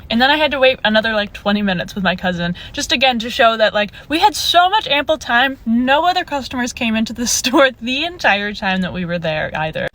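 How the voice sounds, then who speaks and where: A woman's voice: fairly high pitch, expressive, a little fast, hardly any pauses, a bit bright. A young woman telling a casual storytime, exasperated and incredulous, laughing as she goes.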